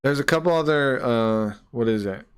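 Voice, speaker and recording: A man's voice: mid-range voice, normal speed, clear, resonant tone. A man livestreaming, retelling a grievance in an indignant, profane, rambling way. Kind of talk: ranting stream commentary.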